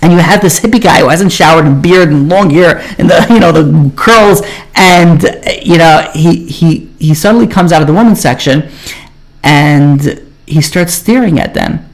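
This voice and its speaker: A man's voice: a little high, normal speed. A man who is a rabbi, telling a story in a sermon, speaking casually with many fillers like "you know" and "like".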